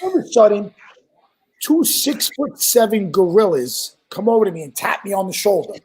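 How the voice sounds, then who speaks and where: Man, New York accent, husky, animated storyteller, swears, casual chat. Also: sits high, moderate pace, poor audio. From New York, Staten Island. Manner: animated, profane anecdote telling. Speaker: guest storyteller.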